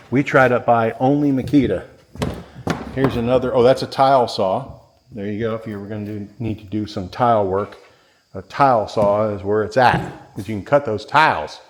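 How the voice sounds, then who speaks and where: Rambling man touring a workshop. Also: mid-range voice. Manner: rambling, listing tools like an auctioneer. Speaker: real estate agent touring a property. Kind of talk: casual walkthrough vlog. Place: indoors in a workshop barn.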